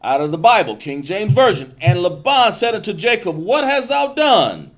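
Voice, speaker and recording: Man, high lively voice, slow halting scripture reading. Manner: slow halting reading with loud raised delivery. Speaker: bible study participant.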